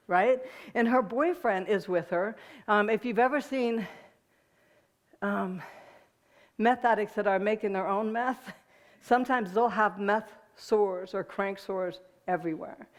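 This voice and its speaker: A woman's voice: medium pitch, measured pace. A woman giving a personal storytelling talk to an audience, laughing often and talking to listeners in a conversational way. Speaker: guest speaker.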